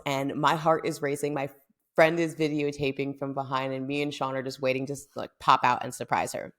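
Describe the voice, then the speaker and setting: A young woman from the United States tells a story on her podcast in a chatty, animated way. Her voice sits low and has plenty of gravelly vocal fry. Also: a little fast. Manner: chatty, animated, lots of fillers. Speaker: podcast host. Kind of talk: casual storytelling.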